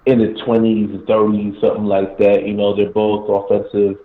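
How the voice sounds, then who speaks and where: A man in his late thirties calls in to talk sports, easygoing and halting, with plenty of fillers. His voice is low and comes through a thin phone line with a roomy echo. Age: 30s. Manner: relaxed, hesitant, many fillers. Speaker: caller. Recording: echoey tinny phone line.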